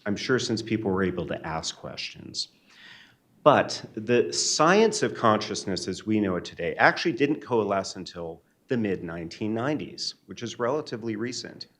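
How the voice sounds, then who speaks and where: A man, a neuroanesthesiologist, giving a keynote lecture in a measured, earnest and reflective way. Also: low-pitched. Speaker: keynote speaker. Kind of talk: academic lecture. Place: lecture hall.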